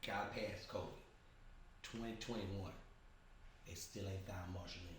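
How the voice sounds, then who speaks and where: A man hosting a casual chat, telling a story with lively, high-pitched acted quotes. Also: unhurried, recorded from a distance, slight background noise. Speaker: host. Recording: echoey room, voice a bit off the mic.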